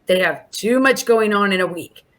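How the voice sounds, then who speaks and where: Chatty mid-pitched woman in an interview. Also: moderate pace. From Alaska. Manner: warm, chatty, many restarts and fillers. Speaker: in-home daycare provider. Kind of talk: casual podcast interview.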